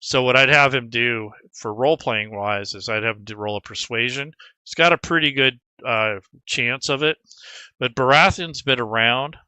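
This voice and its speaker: A man's voice: mid-range voice, moderate pace, bright, forceful tone, clean tone, no echo. A man talking casually through a tabletop game prep tutorial, rambling with frequent restarts as game master. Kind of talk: screen-recorded tutorial.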